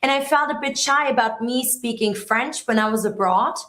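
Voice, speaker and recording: A woman's voice: fairly high pitch, normal speed, fairly bright tone. A woman from Germany hosting an interview, asking questions in an encouraging way, with some hesitant fillers. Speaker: interview host. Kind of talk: conversational interview. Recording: echoey room.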